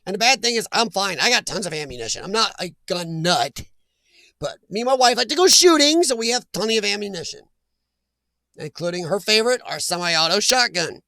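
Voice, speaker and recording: A man's voice: high voice, expressive, brisk, creaky, sharp tone, dry recording. A man hosting a casual livestream chat, reading viewer comments and giving blunt opinions with easy laughs. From Midwestern US. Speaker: livestream host.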